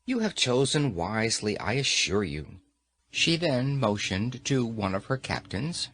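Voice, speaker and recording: A mid-range male voice narrates a classic novel as an audiobook, reading scripted narration in a measured, expressive way.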